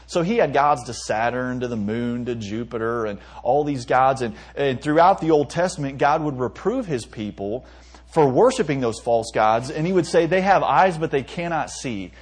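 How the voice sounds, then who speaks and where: Young male pastor, husky voice, casual sermon, stumbles and chuckles. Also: medium pitch, expressive, moderate pace, darkish tone. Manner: conversational preaching with stumbles and self-amused laughs.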